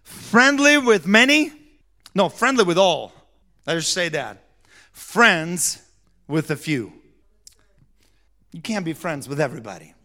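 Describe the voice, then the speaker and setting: High, bright-voiced pastor preaching fervently. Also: male voice, sing-song, slow, pauses often. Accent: non-native English. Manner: swings from hushed, tearful storytelling to loud, fervent preaching; freewheeling and playful, with laughs and acted-out quotes. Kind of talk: sermon.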